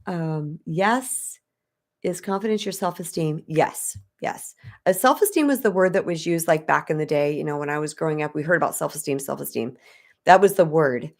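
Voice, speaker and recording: A middle-aged woman coach talking live to her viewers and reading their chat, emotional and animated, speaking straight to the audience. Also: low-pitched, normal speed. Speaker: spiritual empowerment coach.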